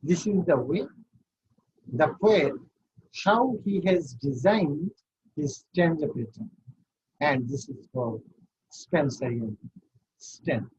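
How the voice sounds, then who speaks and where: A man's voice: on the high side, expressive, takes it slowly, long pauses, darkish tone, slightly rough, highs cut off. A man giving an online university class, explaining step by step and counting things out. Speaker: university lecturer.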